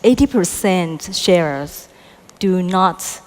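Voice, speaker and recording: A woman answering an interview question slowly and carefully, often adding you know. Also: lowish voice, expressive, big-room sound. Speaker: guest team leader.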